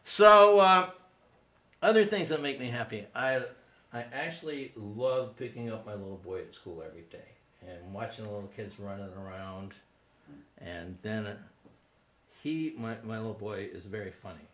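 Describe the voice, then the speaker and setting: A fifty-five-year-old man hosts a comedy show from his living room, talking casually with a bright, forceful tone. The room is echoey, with a faint hum of noise behind him. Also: fairly low pitch, normal speed. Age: 50s. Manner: conversational, self-deprecating, laughs at own jokes. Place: living room with small audience.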